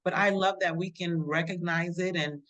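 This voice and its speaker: A woman's voice: on the low side, fairly even intonation, moderate pace, a bit bright. A woman co-hosting a casual podcast over a video call, speaking in a heartfelt way with many "you know"s. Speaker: podcast co-host.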